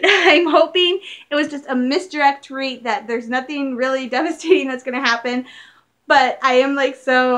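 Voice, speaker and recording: Young woman vlogger, high voice, casual rambling chat, excitable, laughs a lot. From Michigan.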